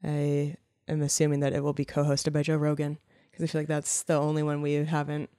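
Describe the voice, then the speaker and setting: A woman's voice: deep voice, monotone, brisk, mellow, no room sound, studio quality. A woman co-hosting a podcast in casual chat, chatty and laughing often. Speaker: podcast co-host.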